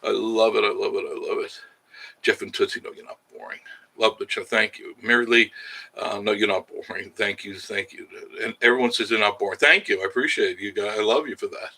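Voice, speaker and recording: Chatty channel host, male, bright tense tone, casual and rambling with frequent laughs. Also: on the low side, brisk, gravelly, rough recording. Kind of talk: casual live-stream chat reading viewer comments.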